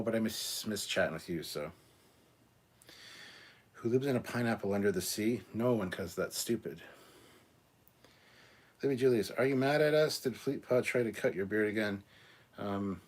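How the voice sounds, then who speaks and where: Husky-voiced man chatting casually. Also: lowish voice, expressive, a little slow, pauses often. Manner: rambling, jokey, many fillers. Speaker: channel host. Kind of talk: casual livestream chat.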